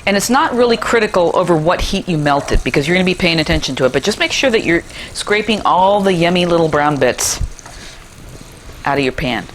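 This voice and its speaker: A woman's voice: on the low side, animated, brisk, slight background noise. A middle-aged woman hosting a cooking show in her kitchen, chatty and enthusiastic, with playful asides as she demonstrates a recipe.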